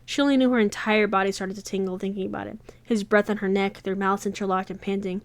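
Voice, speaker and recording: A woman's voice: mid-range voice, steady tone, fast, no room sound. A woman reading a novel aloud, breaking off into chatty asides full of likes.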